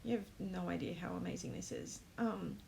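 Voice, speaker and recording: A woman's voice: fairly low pitch, fairly quick, vocal fry, a little mellow, a little hiss or hum, poor audio. A woman hosting a live stream, chatting casually with viewers, full of ums and close to tears. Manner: emotional, many ums, talks to comments. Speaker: host of a planner live stream.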